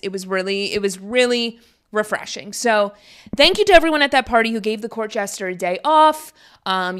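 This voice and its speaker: A woman's voice: medium pitch, a bit bright, clear, resonant tone. A young woman hosting her own podcast, talking casually in an upbeat, rambling way with lots of fillers. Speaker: podcast host. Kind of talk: casual solo podcast chat.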